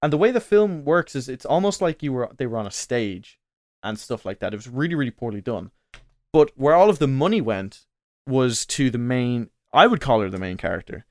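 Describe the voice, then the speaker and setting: A man's voice: mid-range voice, very animated, fairly quick, no room sound. A man rambles through a long story on a casual podcast, full of fillers and restarts. His voice sits in a middle register. The sound is dry and close, with no room around it. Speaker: podcast co-host. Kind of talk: casual chat.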